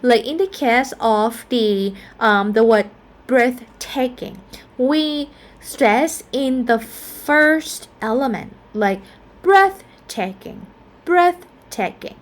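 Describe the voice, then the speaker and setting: Slow, careful woman teaching pronunciation. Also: fairly high pitch. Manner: slow and careful, repeats each example word. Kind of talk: explaining a phonetics lesson.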